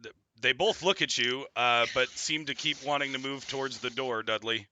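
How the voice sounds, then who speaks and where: A man narrating as game master of a tabletop game, relaxed and full of fillers. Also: medium pitch, moderate pace, a little hiss or hum.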